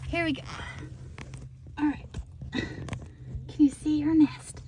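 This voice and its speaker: Woman, farm vlogger, bright high voice, half-yelling into a phone camera outdoors. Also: level tone, slow pace, noisy background. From Florida. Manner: half-yelling to be heard without a mic. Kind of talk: casual vlog narration. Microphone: phone camera, no external mic.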